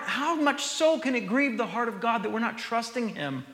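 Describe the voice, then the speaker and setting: A man's voice: very high voice, lively intonation, moderate pace, a bit bright, echoey room, long reverb tail. A man preaching a sermon, reading scripture aloud and then explaining it in a conversational way.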